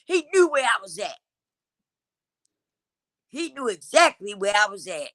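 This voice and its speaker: A middle-aged woman talks slowly and loosely on her livestream, drifting into preachy encouragement and bits of half-remembered song. Her voice is bright and forward. The sound is dry and close, with no room around it. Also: mid-range voice, big pitch swings, no echo. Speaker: livestream host. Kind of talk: casual livestream chat.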